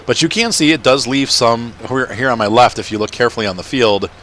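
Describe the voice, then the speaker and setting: A man's voice: mid-range voice, fairly quick, fairly bright tone, slight background noise. A man chatting casually as he plays a farming game at home, rambling and laughing often. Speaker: let's-play gamer. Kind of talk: casual gameplay commentary.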